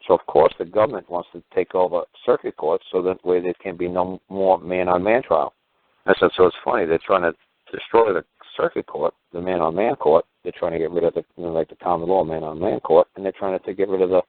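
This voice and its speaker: Deep-voiced man rambling on a phone line. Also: dry recording. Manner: rambling, profane, repeats himself. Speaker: caller recounting a family court case. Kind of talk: casual rambling storytelling. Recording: dry tinny phone line.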